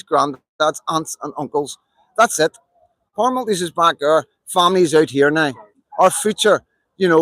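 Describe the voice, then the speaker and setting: A man's voice: high-pitched, a bit bright, dry recording, rough recording. A man with a Belfast accent, delivering an impassioned, repetitive live-stream monologue in an emphatic, rallying way. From Northern Ireland.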